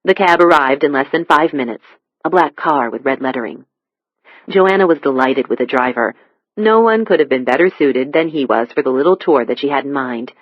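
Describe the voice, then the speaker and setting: Measured thriller narrator; mid voice, dull dry close sound. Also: medium pitch, no echo. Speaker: audiobook narrator. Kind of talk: scripted narration.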